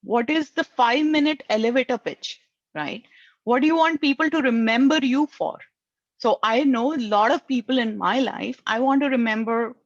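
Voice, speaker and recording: A woman's voice: a little high, no room sound. Earnest woman ending points with "right?". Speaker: career networking speaker. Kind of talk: advice talk to job seekers. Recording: dull lo-fi dry sound.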